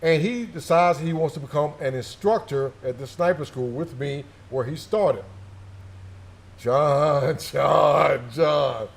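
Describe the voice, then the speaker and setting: A man's voice: fairly high pitch, normal speed, few pauses, darkish tone. A middle-aged man, a former sniper instructor, telling stories in casual chat, acting out quoted dialogue and repeating names for effect. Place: gun shop.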